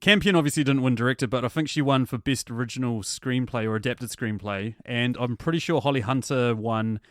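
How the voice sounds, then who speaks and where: A man from New Zealand with a New Zealand accent, a film reviewer chatting as a podcast guest in a relaxed, informative way. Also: medium pitch, fairly quick, no room sound, clean studio sound. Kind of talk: casual podcast chat.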